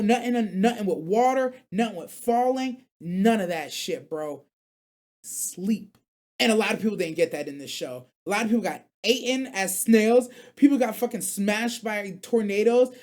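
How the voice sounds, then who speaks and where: A man's voice: sits high, moderate pace, a little mellow. A man hosting a call-in anime stream, talking loosely and off the cuff. He rambles in slang, reads viewer messages aloud and jokes about them, and he is getting over being sick. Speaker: radio show host. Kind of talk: casual live-stream chat.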